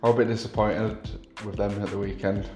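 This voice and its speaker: Easygoing co-host, low voice. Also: male voice, level tone, darkish tone, echoey room, faint music behind. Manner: easygoing, halting with fillers. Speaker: podcast co-host. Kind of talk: casual football podcast chat.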